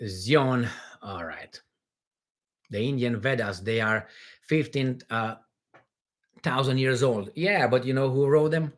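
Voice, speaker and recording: A man from Romania, hosting a casual livestream Q&A in a rambling, animated way from home. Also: mid-range voice. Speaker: livestream host.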